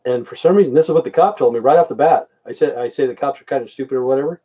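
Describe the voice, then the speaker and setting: Older male streamer, dark mellow voice, cussing, rambling, blunt. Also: medium pitch, rapid-fire, far from the mic. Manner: blunt, profane, rambling rants. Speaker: livestream host. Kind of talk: casual livestream chat.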